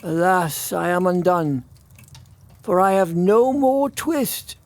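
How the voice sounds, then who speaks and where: A man's voice: high-pitched, lively intonation, takes it slowly, no echo, voice pushed up. A man voicing a poor, weary old tailor who frets and laments in a mumbling way, in a storybook reading. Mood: lamenting. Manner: fretful, lamenting mutter.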